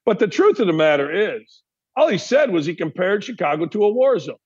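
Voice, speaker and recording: A man's voice: high-pitched, very animated, brisk, a little mellow, husky, muffled recording. A man hosting a sports talk show, delivering a heated, opinionated monologue full of rhetorical questions. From Gary, Indiana area.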